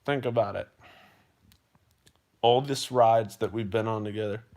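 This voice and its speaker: A man's voice: lowish voice, a little slow, a little mellow. Earnest, emotional male livestreamer. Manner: earnest and emotional, repeats himself; addresses viewers as you guys. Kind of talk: heartfelt livestream monologue.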